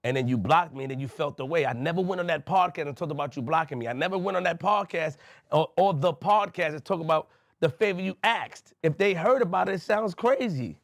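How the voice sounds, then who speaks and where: A man's voice: a little high, fairly quick, gravelly, no echo, clean studio sound. A man from Queens, a podcast host speaking to camera, emphatic and repetitive as he addresses someone directly. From Queens, New York.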